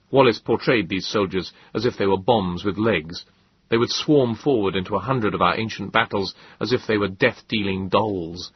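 Male audiobook narrator, low husky voice, measured and reflective, dry muffled recording. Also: no echo.

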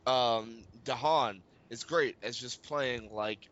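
A man co-hosting a podcast, talking casually about a film, animated and swearing freely while searching for words. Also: medium pitch, slow, muffled recording. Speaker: podcast co-host.

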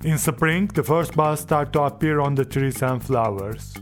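A man's voice: medium pitch, normal speed, soft background music. A man whose first language is Turkish teaches English, repeating example sentences several times and then translating and explaining them.

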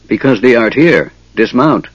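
A man voicing a gruff male centaur who speaks in blunt, old-fashioned thee-and-thy phrasing, on a dull, dry recording. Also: mid-range voice, sing-song, moderate pace, no echo.

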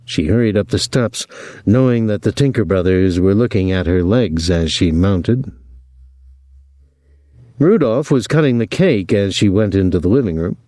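A man reading an audiobook as the narrator in a measured, even way. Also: lowish voice, dry recording, clean studio sound. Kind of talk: scripted narration.

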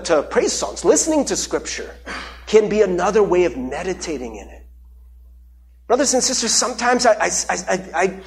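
A man preaching a conversational sermon as pastor, with many fillers and repeated words. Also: high voice.

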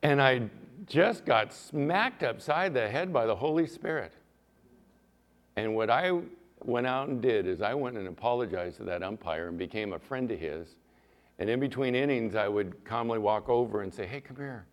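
A male pastor preaching a sermon in church, animated, rising to loud emphasis and dropping to soft asides. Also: medium pitch, normal speed.

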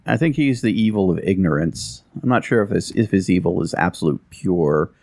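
A man with a very deep voice talking casually as a podcast co-host. He tells his jokes at a measured, deliberate pace. The recording is dry, with no room sound. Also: lively intonation, creaky, a little mellow, no echo. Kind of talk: casual chat, joke telling.

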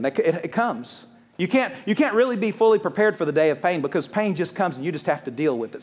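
A man preaching a sermon as a pastor, casual and conversational, joking and acting out what people say. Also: high voice. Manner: fast, conversational preaching with quick jokes and acted-out quotes.

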